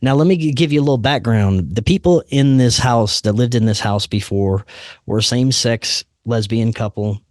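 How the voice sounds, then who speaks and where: A man hosting a podcast, telling a personal story in an animated, slangy way and often saying "man" and "dude". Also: medium pitch, moderate pace, no room sound, clean studio sound. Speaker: podcast host. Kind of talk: casual storytelling.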